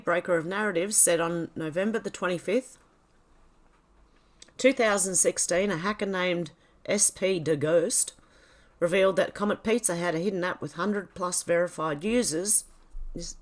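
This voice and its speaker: A livestream host from Australia reads posts out loud and comments casually, with stumbles, self-corrections, muttered asides, and the odd cough or throat-clear. Her voice is mid-range.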